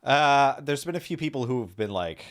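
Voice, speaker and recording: A man's voice: medium pitch, animated, normal speed. A man co-hosting a casual wrestling podcast, hesitant and wry, often trailing off mid-thought. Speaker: podcast co-host.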